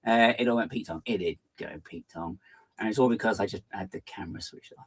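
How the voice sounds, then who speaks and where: A man hosting a live stream, chatting in a fast, hyper, rambling way while he reads out viewer comments. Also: on the low side, breathy edge.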